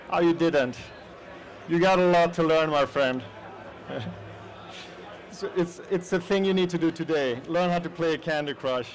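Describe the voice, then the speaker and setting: Speaking in a conference hall, a man from Sweden with a Swedish accent delivers a chatty presentation, addressing listeners directly and leaning heavily on fillers. His voice is on the high side, and the recording is rough.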